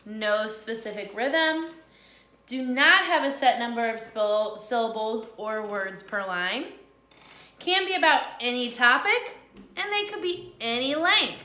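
A woman's voice: a little high, a little slow, pushed and bright. A woman teaching a lesson to second-graders on video at home, in a cheerful, chatty and encouraging way. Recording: echoey room.

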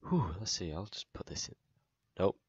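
A man's voice: low voice, sing-song, moderate pace, slightly rough, highs cut off. A man hosting a gaming channel, narrating his own moves in a playful let's play commentary with sound effects.

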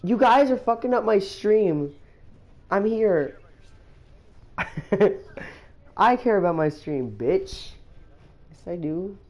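A woman's voice: mid-range voice, expressive, slow pace, pauses often, a little mellow, poor audio. A woman streaming a video game, laughing and swearing as she complains to her friends. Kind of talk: casual gaming stream chat.

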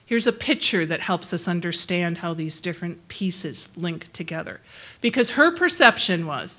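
A woman's voice: lowish voice, lively intonation, measured pace, sharp tone. A middle-aged woman giving a conversational presentation to a forum as a public health researcher, plain-spoken and friendly, laughing easily between points.

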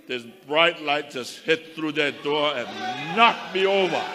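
A male minister preaching a fervent testimony with a bright, ringing, fairly high voice. He speaks slowly and deliberately to the congregation, and his voice carries a long hall reverb. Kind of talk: testimony sermon.

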